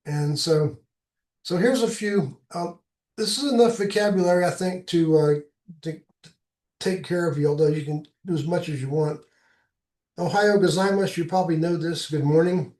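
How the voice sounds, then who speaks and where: Man presenting slides, fairly high voice, halting plainspoken delivery, echoey room sound. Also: warm tone, recorded from a distance. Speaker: presenter giving a travel talk.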